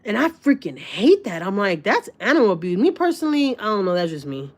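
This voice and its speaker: With a mid-range voice that swings widely in pitch, this Texan woman runs a casual livestream at a slightly fast pace and with a slightly mellow tone. She reads viewer comments aloud, curses freely, talks bluntly, and uses lots of fillers.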